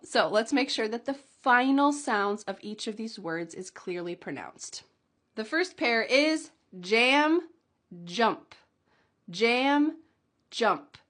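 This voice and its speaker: Woman, pronunciation teacher; slightly high voice, slow deliberate delivery, crisp enunciation of each word. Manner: slow, clearly enunciated demonstrations with light laughs. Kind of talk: pronunciation lesson.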